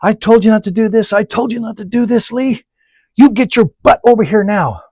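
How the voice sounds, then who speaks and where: A man voicing an angry male work boss who stomps, cusses and yells the same orders over and over. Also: high voice, fairly quick, dry recording, dull audio, voice pushed up. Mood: furious yelling. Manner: shouting, repeating himself.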